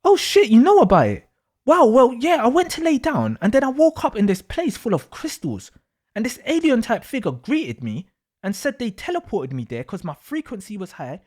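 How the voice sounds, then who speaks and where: A man's voice: very high-pitched, huge pitch swings, normal speed, a little mellow, full character voice. A man voicing a dreamy, spacey young woman who rambles about mystical trips and snaps back with insults.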